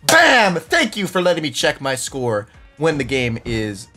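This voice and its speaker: Hyper young man, lively shouty gameplay. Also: mid-range voice, moderate pace. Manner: excitable, shouts and laughs often, self-mocking. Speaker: gaming YouTuber. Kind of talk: excitable gameplay commentary. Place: home room. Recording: music playing underneath.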